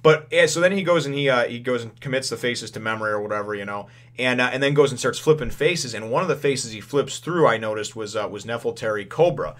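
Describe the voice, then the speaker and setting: A man's voice: mid-range voice, fast, hardly any pauses, fairly bright tone. A man giving a casual spoken review of a manga chapter. He rambles, chuckles often and leans on lots of fillers as he retells the plot.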